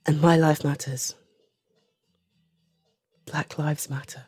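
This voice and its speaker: Low, slow-spoken British woman in her thirties. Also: flat delivery, breathy edge, dry recording, faint music behind. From Britain. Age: 30s. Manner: soft-spoken, halting, often trailing into a whisper. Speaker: audio creator. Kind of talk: personal opinion monologue.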